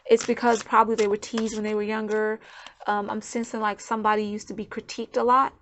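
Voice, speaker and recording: A woman's voice: mid-range voice, little pitch movement, quick pace, a bit bright, slight background noise. Woman tarot reader, casual rambling delivery, restarts and repeats words, mid-range voice. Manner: rambling, conversational, repeats words while searching for thoughts. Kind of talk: channeled tarot reading monologue.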